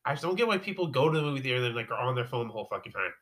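Fast-talking young man, bright voice. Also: mid-range voice, sing-song. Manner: quick, filler-heavy casual talk. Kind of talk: casual chat.

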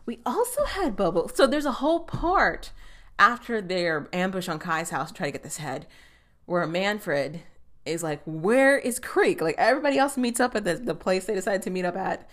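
In a casual, chatty recap of a TV episode, a young woman talks expressively, her pitch swinging widely. She swears freely and keeps slipping into quick character voices.

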